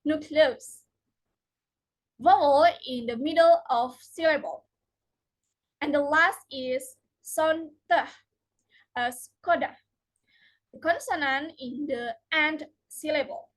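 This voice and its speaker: A woman's voice: sits high, slow, pauses often, a bit bright, rough recording. A young woman reading out a prepared lesson, carefully stressing each example word, speaking English as a non-native speaker. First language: Indonesian. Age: young adult. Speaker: student presenter.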